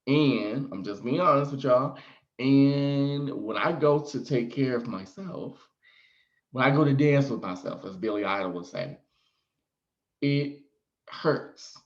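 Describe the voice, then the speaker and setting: A man's voice: mid-range voice, slow pace, lo-fi sound. A man telling a frank personal story to his viewers in a casual, theatrical way, acting out his own reactions. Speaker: storyteller vlogger.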